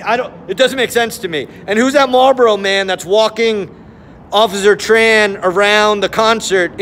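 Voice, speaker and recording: A man's voice: sits high, fairly bright tone, slight background noise. A man giving live-stream commentary, incredulous and firing off repeated questions.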